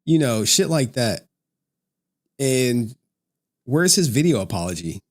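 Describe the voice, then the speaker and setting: Man streaming a casual rant, slangy, crude, laughing, mid-pitched voice. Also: very animated, takes it slowly. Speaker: streamer commentator.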